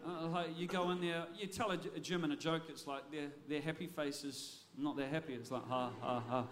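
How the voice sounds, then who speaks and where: A man preaching a sermon as a pastor, energetic and often repeating words as he restarts his phrases. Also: on the high side, fairly quick, background noise.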